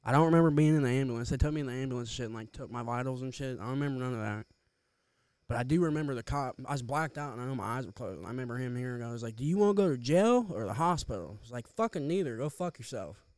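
A man's voice: mid-range voice, racing, darkish tone, clean tone, no room sound. A young man casually telling a profane story on a podcast, laughing often, close to the mic. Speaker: podcast co-host.

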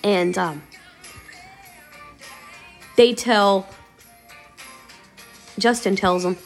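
A woman hosts her own podcast and retells a favorite radio episode in a loose, rambling way. Her voice sits at an ordinary middle pitch. Faint music plays quietly behind her. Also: fairly even intonation, drawn-out words, long pauses. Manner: rambling, conversational, many "you know" fillers. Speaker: podcast host.

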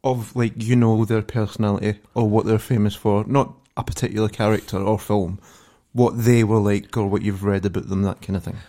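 Casting: male co-host, lowish voice, loose rambling crude talk. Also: steady tone, fairly quick, hardly any pauses, warm tone. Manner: rambling, sweary, laughs often. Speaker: podcast co-host. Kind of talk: casual banter.

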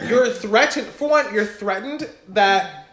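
A man's voice: sits high, takes it slowly, fairly bright tone. A man co-hosting a podcast from an apartment, ranting in casual chat with heated, profane emphasis. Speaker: podcast co-host. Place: apartment room. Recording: roomy echo.

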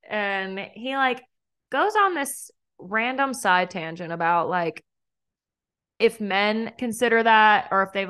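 A woman's voice: medium pitch, a bit bright, clean tone. A young woman hosting a podcast, telling a dating story in a chatty way, laughing often and acting out what was said. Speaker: podcast host. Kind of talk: casual storytelling.

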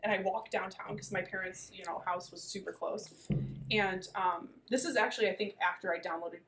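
A woman's voice: medium pitch, fairly even intonation, fairly quick, a bit bright, slight background noise, poor audio. A woman in her twenties telling a dating story in casual chat, full of fillers and "like". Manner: chatty storytelling, many fillers and "like".

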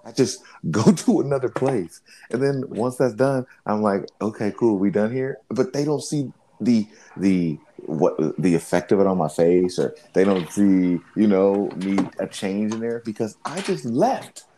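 A man's voice: on the low side, animated, measured pace, few pauses, mellow, a little hiss or hum. A man co-hosting a podcast, rambling and joking in casual chat, swearing freely. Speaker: podcast co-host.

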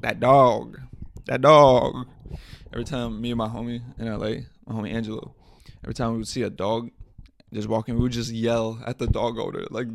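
A young man hosting his own podcast, rambling and joking irreverently with lots of swearing and laughter. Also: mid-range voice. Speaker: podcast host. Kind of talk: casual solo podcast rant.

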